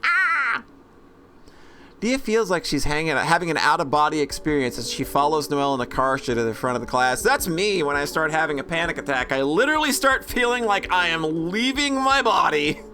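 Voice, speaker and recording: A man's voice: a little high, lively intonation, a little fast, few pauses, bright, forceful tone. A man reading and commenting on a visual novel in a chatty, joking way. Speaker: let's play host.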